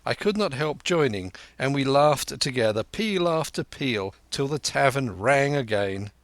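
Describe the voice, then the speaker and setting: A man's voice: mid-range voice, expressive, a little slow, hardly any pauses, dry recording. A man narrating an audiobook in a first-person storytelling voice.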